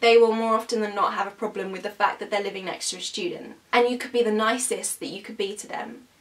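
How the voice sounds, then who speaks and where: A woman's voice: medium pitch, fairly even intonation, quick pace, distant mic. A young woman, a student telling an agitated, emphatic story in a storytime vlog. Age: young adult. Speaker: student vlogger.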